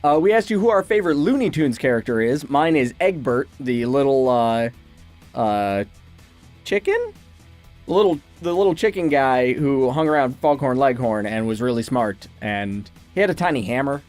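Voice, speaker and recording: A man's voice: medium pitch, moderate pace, soft background music. A man co-hosting a casual chat, reading out fan questions and answering them loosely. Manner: relaxed, reads out fan questions. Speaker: co-host.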